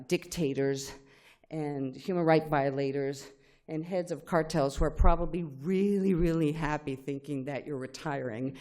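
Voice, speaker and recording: A middle-aged woman whose first language is Spanish, giving a lively personal tribute speech with acted-out quotes. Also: deep voice. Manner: animated storytelling with acted-out quotes. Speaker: speaker at a tribute event.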